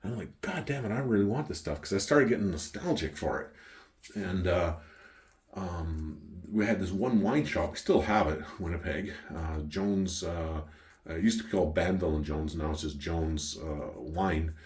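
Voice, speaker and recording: A middle-aged man from Canada with a Canadian accent, telling a story in a casual, profane, animated way. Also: low voice, normal speed. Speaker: wine collector vlogger.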